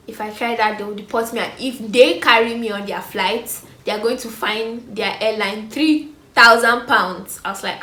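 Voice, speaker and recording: A woman's voice: a little high, slight background noise. A young woman in her twenties with a Nigerian accent, telling a storytime vlog and acting out the people in it. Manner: animated storytelling, acting out other people's lines. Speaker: vlogger. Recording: echoey room with faint ambience.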